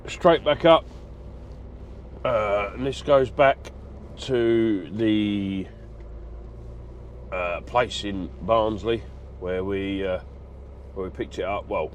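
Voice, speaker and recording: A middle-aged man talks through his trucking day in a loose, rambling way, full of ums and uhs. His voice sits a little low. Faint outdoor traffic noise hangs behind him. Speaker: truck driver vlogger. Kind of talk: casual vlog chat.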